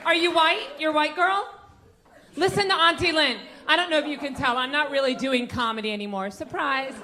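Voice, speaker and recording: A woman in her forties doing a brash stand-up set, working the crowd and bursting into shouts. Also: high voice, fairly quick. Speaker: stand-up comedian and host. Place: comedy club stage. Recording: live club recording with loud crowd laughter and noise.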